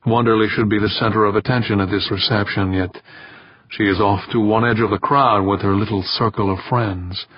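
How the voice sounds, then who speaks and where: A man voicing a calculating male science director who speaks in a quiet murmur. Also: on the low side, fairly even intonation, brisk, husky, no echo, muffled recording.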